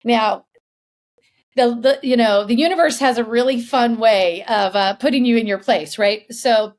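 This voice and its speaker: A woman's voice: a little high, measured pace. Chatty woman telling a story. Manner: chatty, animated, laughs while telling stories. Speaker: podcast host. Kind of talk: casual storytelling.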